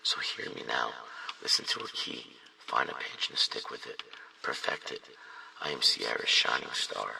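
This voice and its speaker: A man's voice: extremely low pitch, moderate pace, vocal fry, sharp tone. A man performing spoken word poetry with a rhythmic, rhyming, intense delivery. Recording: distant mic in a reverberant room.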